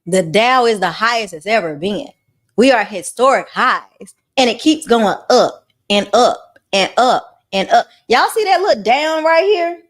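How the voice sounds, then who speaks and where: In an unhurried, casual talk to camera on the economy, this woman host and mortgage commentator sounds folksy and animated, her pitch bouncy. She mock-quotes other people, putting on high voices for them.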